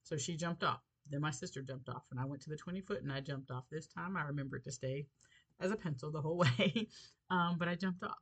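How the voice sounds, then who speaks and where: A middle-aged woman hosting a faith podcast, telling a personal story in an expressive, animated way with light laughs. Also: low-pitched, brisk, slightly rough, low-quality recording. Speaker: podcast host.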